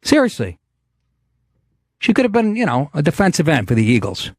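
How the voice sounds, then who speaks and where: Middle-aged guy ranting on his podcast, swears a lot, bouncy pitch, dry close sound. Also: wildly swooping pitch, moderate pace, no room sound. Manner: profane, storytelling with indignant asides. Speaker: podcast host. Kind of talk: comedic rant monologue.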